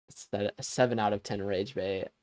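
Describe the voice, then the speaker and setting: A man's voice: lowish voice, darkish tone, dry recording. A young man hosting a live stream, chatting casually with viewers. He laughs often and trails off mid-sentence.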